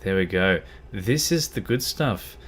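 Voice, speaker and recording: Man, streamer, casual livestream chat, rambling, distracted, deep-ish voice, unhurried. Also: lively intonation, a bit bright, slight background noise.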